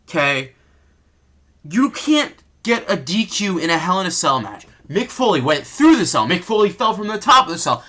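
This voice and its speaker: Man, lively pitch, higher side, ranting vlogger, exasperated. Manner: exasperated, ranting, rhetorical questions. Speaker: wrestling commentator vlogger. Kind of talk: unscripted rant.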